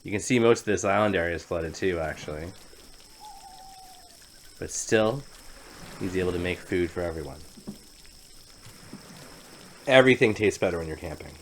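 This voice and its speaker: A man's voice: low voice, lively intonation, moderate pace, long pauses, slight background noise, rough recording. A man narrating and commenting on his own gameplay in a playful, chatty way with jokey asides. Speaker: game commentator.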